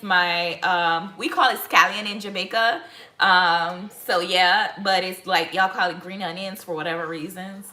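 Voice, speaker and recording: A woman's voice: mid-range voice, pushed and bright, roomy sound, a little hiss or hum. A woman from Mississippi, chatting casually with viewers in a cooking vlog from her home kitchen, full of rambling asides and y'all. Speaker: lifestyle vlogger.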